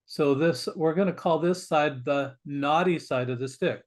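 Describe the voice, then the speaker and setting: A man's voice: fairly high pitch, measured pace. A man speaking as a guest on an interview podcast, earnest and emphatic, often repeating words as he starts a thought. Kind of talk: conversational interview.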